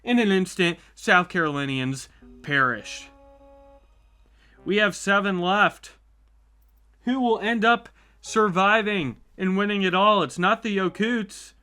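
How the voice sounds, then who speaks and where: A YouTube host with a smooth, high-sitting voice speaks slowly, with long pauses, while giving play-by-play of a map simulation. Still, he stays chatty and upbeat, reacting with excitement.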